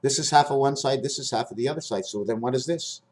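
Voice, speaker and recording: A man in his fifties rambling through a spiritual monologue to camera, swinging between high loud bursts and low muttering. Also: fast. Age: 50s. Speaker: vlogger.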